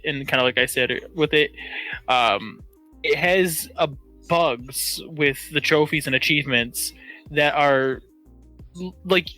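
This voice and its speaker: A man's voice: a little high, low-quality recording. A man co-hosting a gaming podcast, chatting casually and saying things like "I won't lie.". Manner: relaxed, says "bro" and "I won't lie". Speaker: podcast co-host. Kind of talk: casual chat.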